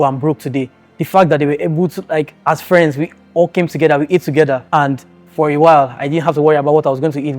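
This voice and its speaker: A man's voice: on the high side, darkish tone. A young man from Nigeria telling his life story in an earnest, emotional storytime vlog, talking straight to his viewers. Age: young adult. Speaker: vlogger.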